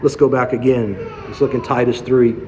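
A man's voice: medium pitch, flat delivery, moderate pace, a little mellow, slight background noise. A male preacher giving an expository sermon, posing rhetorical questions and driving points home by repetition. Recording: dull sound with long hall reverb.

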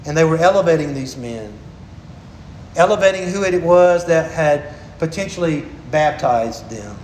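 A man preaching a sermon as a pastor, earnest and emphatic, slowing down to stress key phrases. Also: fairly high pitch, animated, a little mellow, roomy sound, a little hiss or hum, low-quality recording.

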